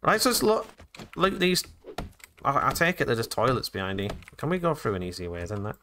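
Bright, lively man doing game commentary. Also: mid-range voice, fairly quick, a little hiss or hum. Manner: chatty, jokey, talks to game characters. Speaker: gaming channel host. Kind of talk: let's play commentary.

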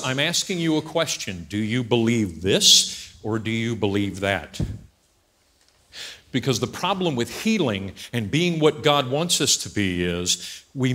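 A male pastor preaching a humorous sermon at a church service, acting out scenes and joking as he goes. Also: mid-range voice. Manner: animated storyteller who acts out scenes and jokes.

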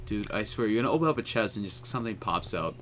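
A man's voice: lowish voice, expressive, fast talker, a bit bright. A young man hosting a casual let's-play, jumpy and stammering, often nervous. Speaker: gaming channel host.

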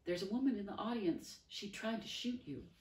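A woman's voice: mid-range voice, normal speed, a little mellow, roomy sound, distant mic, pitched above the performer's own voice, close to an everyday voice. A woman voicing an earnest male talking dog who speaks urgently and firmly.

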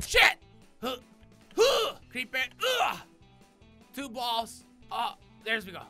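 Gaming commentator, male; high, rough voice, wildly animated, broken-English bit, yelling and cursing. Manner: deliberately broken English, frequent shouting and swearing. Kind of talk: excitable game commentary. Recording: music under the voice. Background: background music.

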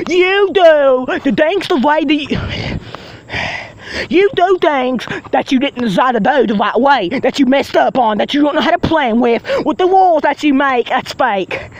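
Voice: high voice, low-quality recording. Someone voicing a cursing, raging male villain. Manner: ranting, swearing, threatening. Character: foul-mouthed furious male villain. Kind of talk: fan-made machinima voice acting.

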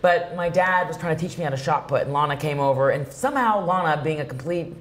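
A woman in her thirties being interviewed, telling personal stories in an emotional, animated way. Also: deep voice, quick pace. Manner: emotional, animated storytelling with quoted voices. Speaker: guest. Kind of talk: conversational interview.

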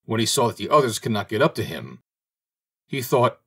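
Husky, expressive male storybook reader. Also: mid-range voice, brisk. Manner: expressive, dramatic reading. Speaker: audiobook reader. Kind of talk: storybook narration.

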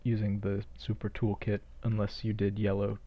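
A man's voice: fairly low pitch, completely flat delivery, normal speed, lo-fi sound. A man casually commentating a playthrough of a game he made, with offhand, self-mocking asides. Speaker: game creator commentating his own game.

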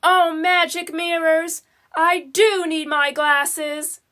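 A woman voicing an excitable nearsighted young princess in a storybook, exclaiming and lively. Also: extremely high pitch, takes it slowly, full character voice. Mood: excited.

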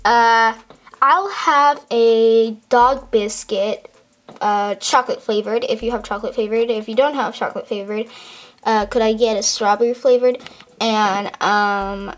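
A chatty, friendly male pet orders snacks at a stand, as a woman voices him in a homemade toy skit. He talks in a relaxed way and his voice sits fairly high. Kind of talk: toy skit role-play.

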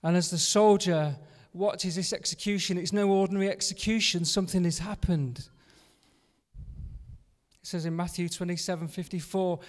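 A male pastor delivers an earnest sermon in a slightly high voice, returning again and again to a hushed refrain. The sound carries the long reverb of a church hall. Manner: earnest, repeating a refrain with drops to a soft hush.

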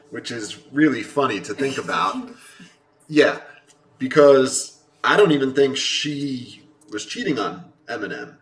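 A man's voice: mid-range voice, lively intonation, measured pace, recorded from a distance, low-quality recording. A man hosting a reaction video, casually explaining song lyrics and reading them out with feeling.

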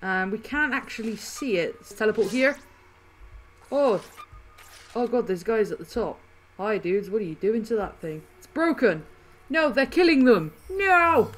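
A woman with a fairly high voice talks her way through a video game, chatty and easily excited. She laughs often and reacts loudly to what happens on screen. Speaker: gaming channel host. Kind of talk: casual gameplay commentary.

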